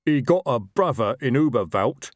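A man voicing a slow-witted, chatty male troll worker with a rambling, working-class manner. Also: mid-range voice, animated, no room sound, studio quality, natural voice.

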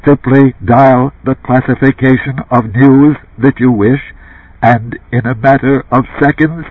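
A man voicing a tinkling mechanical hotel news machine that delivers a chirpy sales pitch. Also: fairly even intonation, unhurried, breathy edge, dry recording. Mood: promotional. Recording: tinny phone-like lo-fi sound.

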